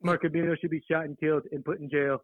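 A man's voice: fairly high pitch, little pitch movement, fast, no echo, close to an everyday voice. A man putting on the voice of a boastful older male politician who insults and brags as a prank caller. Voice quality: exaggerated bragging impression. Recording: tinny phone line.

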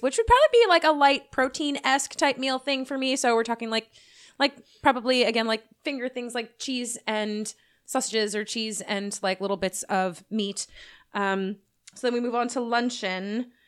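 A woman's voice: on the high side, normal speed, smooth. A woman in her thirties co-hosting a podcast, talking in an enthusiastic, rambling way with lots of fillers. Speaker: podcast co-host. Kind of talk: casual chat.

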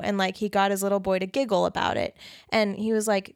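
A woman co-hosting a casual faith discussion podcast, talking in an earnest, animated way and acting out quoted lines. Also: medium pitch, a little fast, creaky, dry recording, clean studio sound. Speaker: podcast co-host.

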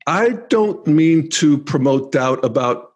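A man hosting his own podcast, talking through listener comments in a thoughtful, measured way with pauses. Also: a little high, lively intonation. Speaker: podcast host. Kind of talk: reflective solo podcast monologue.

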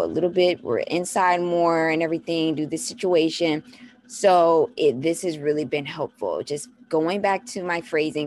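Woman, mom vlogger, casual and animated, lower-pitched voice, repeats simple phrases. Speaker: mom giving parenting tips. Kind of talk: casual talk to camera.

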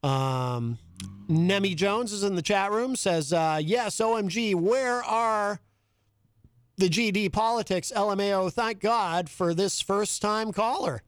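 A man's voice: sits high, slow, clean tone, no echo, studio quality. Chatty man hosting a radio talk show. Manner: reads chat messages aloud with chuckles.

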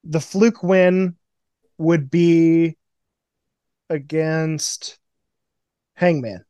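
A man's voice: on the high side, extremely slow, clear, resonant tone, dry recording. Profane rambling male podcast host. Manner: profane, rambling, animated storytelling with mock quotes. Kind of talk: casual fantasy booking chat. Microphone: video call.

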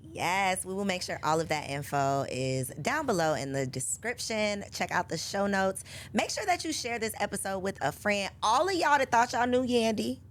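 A woman's voice: medium pitch, big pitch swings, normal speed. A woman hosting a podcast in a studio, chatting playfully and using casual slang. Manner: playful, uses slang like y'all and sis. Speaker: podcast host. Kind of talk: casual chat.

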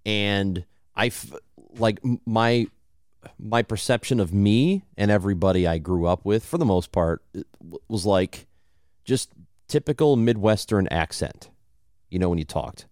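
In clean studio audio without echo, a young podcast co-host speaks a little slowly in a voice on the low side. He's from Southern Illinois and carries a slight local accent, and in this casual chat he tells stories with animation and frequent restarts.

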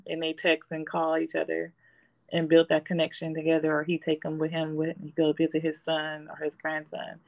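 Poor audio carries a low-pitched female voice with vocal fry and a completely flat delivery at normal speed. The woman, in her forties, is a guest chatting casually and telling reflective stories about her family life.

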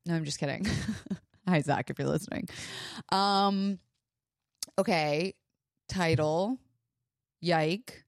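A young woman speaks low and slowly on her podcast, pausing often as she fights back tears. Her delivery is halting and emotional, full of fillers and restarts. The sound is dry and close. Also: dry recording. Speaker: podcast host. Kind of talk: personal monologue.

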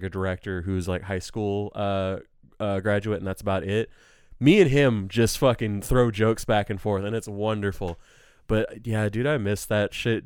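A man's voice: on the low side, smooth, dry recording, clean studio sound. A man in casual chat, telling profane, joking stories about work.

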